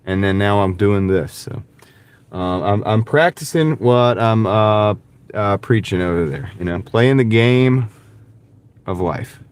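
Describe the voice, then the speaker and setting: A man with a lowish, expressive voice speaks at a measured pace, and the tone is clean. He's a delivery driver from the American South with a light Southern accent, chatting casually on a livestream from his car, rambling and answering viewer comments through a wireless clip-on mic.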